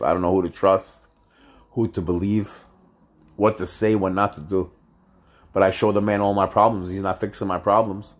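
A man with a very low voice is vlogging to his viewers, plainly upset and frustrated. He rambles and halts, filling gaps with "you know" and "uh" and restarting his thoughts. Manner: halting, many fillers and restarts. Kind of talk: casual vlog monologue.

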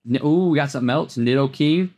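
A man hosting a card pack opening, talking casually as he flips through cards, often repeating words and jumping into excited highs. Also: fast. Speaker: host opening trading card packs. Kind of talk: casual unboxing commentary.

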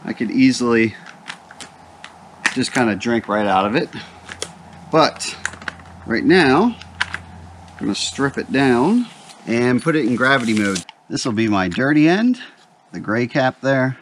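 A man talks easily through his camp setup outdoors, chatty and unhurried at a middle pitch. A faint hiss of noise sits behind his voice. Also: big pitch swings. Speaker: backpacking vlogger. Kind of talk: casual outdoor gear demo. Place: campsite in a forest, outdoors.

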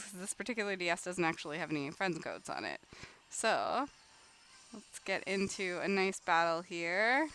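A young woman streaming a game live, chatting casually and bursting into excited shrieks, with music playing behind her. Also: medium pitch. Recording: background music under the voice.

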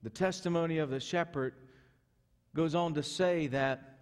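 A male pastor preaching a sermon earnestly, moving from loud urgency to soft, hushed passages. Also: a little high, measured pace, clean tone. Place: church sanctuary. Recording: echoey church hall.

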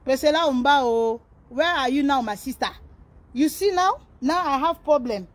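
Woman, high pitched, begging to be left alone, keeps repeating herself. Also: expressive, moderate pace. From Congo. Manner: pleading, repetitive, switching between languages. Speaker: vlogger answering a rival. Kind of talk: emotional direct-to-camera rant.

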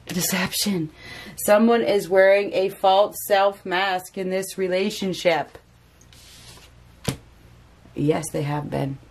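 A woman's voice: mid-range voice, steady tone, slow pace, long pauses, slight background noise. A woman giving a casual spoken tarot reading, chatty and repeating phrases for emphasis. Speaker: tarot reader.

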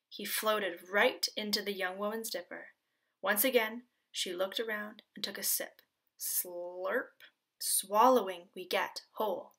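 With a mid-range voice, this teacher from the Pacific Northwest coast reads a storybook aloud gently and expressively. Every so often she drops to a soft whisper.

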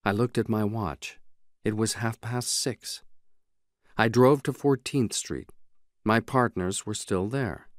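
A man reading a novel aloud in the first person, in a measured, even way. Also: lowish voice, no room sound, clean studio sound. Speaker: audiobook narrator. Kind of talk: scripted audiobook narration.

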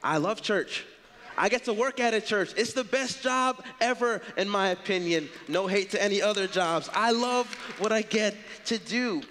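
A man delivers a sermon as pastor, talking to the congregation in an earnest, emphatic, conversational way. His voice sits high for a man. It carries the long reverb of a church sanctuary. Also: normal speed, fairly bright tone, slight background noise.

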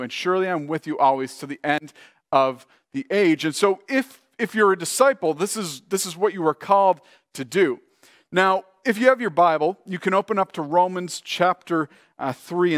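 A man's voice: fairly high pitch, dry recording, clean studio sound. A man preaching a conversational sermon as pastor, often acting out imagined voices of everyday people. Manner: conversational, acts out imagined dialogue.

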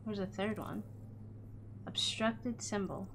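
A woman's voice: medium pitch, slow pace, gravelly, background noise. A woman streaming a game, chatting casually, thinking aloud as she plays and laughing often. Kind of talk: casual gameplay chat.

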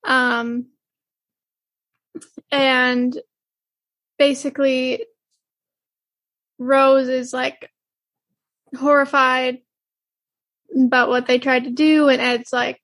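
A woman co-hosts a relaxed podcast, rambling through her thoughts with lots of fillers. Her voice sits high yet stays fairly level in pitch. The sound is dry and close, with no room around it. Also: very slow, pauses often, no room sound. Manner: rambling, many fillers and restarts, laughs often. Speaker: podcast co-host. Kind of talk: casual chat about an anime.

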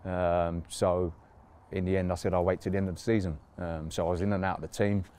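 A man's voice: low voice, level tone, brisk, mellow, smooth. A man, a footballer reminiscing in a casual interview, rambling with lots of fillers and laughs. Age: 30s.

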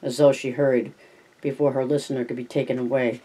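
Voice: medium pitch, flat delivery, brisk, warm tone, husky. Plain-voiced reader of a novel. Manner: plain narration with spoken asides. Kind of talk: reading a novel aloud.

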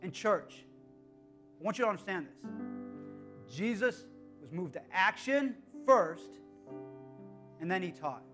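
Earnest high-voiced pastor preaching. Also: male voice, very animated, slow pace, pauses often, soft background music. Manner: earnest, swings from hushed to emphatic. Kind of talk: sermon.

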